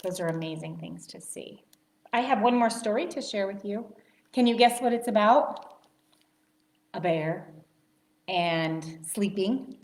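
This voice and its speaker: A woman librarian reading a picture book aloud to children, slow and expressive. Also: medium pitch. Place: library story time room. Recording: roomy library room.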